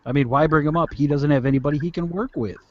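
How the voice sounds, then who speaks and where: A man's voice: fairly high pitch, fast, dry recording. A man co-hosting a casual wrestling chat, blunt and mocking, swearing freely. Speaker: podcast co-host. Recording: dull lo-fi audio with faint noise and clicks.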